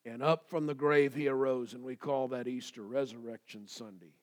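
A pastor preaching a sermon, swinging between loud declarations and quiet asides. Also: male voice, medium pitch, steady tone, normal speed.

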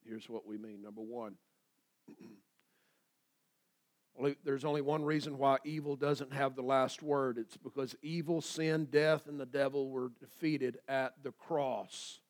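A pastor preaching a sermon, swinging between loud declarations and quiet asides. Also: male voice, mid-range voice, fairly even intonation, measured pace.

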